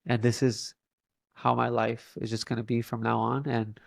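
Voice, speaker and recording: Young man with a gravelly voice. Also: mid-range voice, level tone, moderate pace, no room sound, clean studio sound. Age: young adult. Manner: earnest, frequent "like" fillers. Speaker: podcast guest. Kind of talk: casual storytelling.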